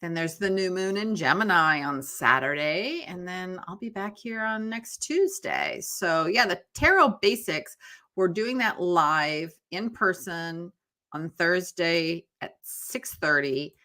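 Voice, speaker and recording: A woman's voice: fairly low pitch, animated, slow, pushed and bright. A woman hosting a tarot live stream from her home office, chatting loosely with viewers, addressing them by name and yawning now and then. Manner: chatty, rambling, talks to viewers by name, yawns often. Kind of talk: casual chat on a live stream.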